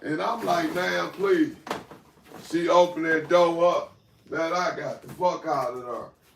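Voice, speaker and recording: A man telling a rambling, profane story in a casual, animated way. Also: on the high side, measured pace, vocal fry. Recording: echoey room, far from mic, faint noise.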